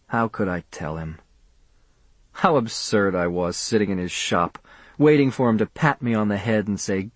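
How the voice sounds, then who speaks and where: A man reading a first-person audiobook in a measured, subdued way. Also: lowish voice, dry recording. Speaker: audiobook narrator.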